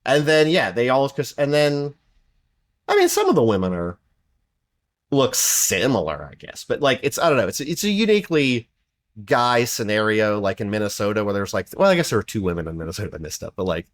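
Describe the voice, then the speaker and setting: Chatting casually as a podcast co-host, this man rambles with plenty of fillers and does accent impressions full of big pitch jumps. He talks a little fast, his pitch swinging hugely.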